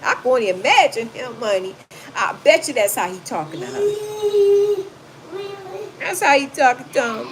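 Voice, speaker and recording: A chatty woman hosts a casual livestream, reading viewers' comments aloud and answering them with blunt, sassy advice. Her voice sits a little high for a woman. The recording carries clear background noise. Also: big pitch swings, normal speed, pauses often. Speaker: livestream host reading chat. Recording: noisy home recording.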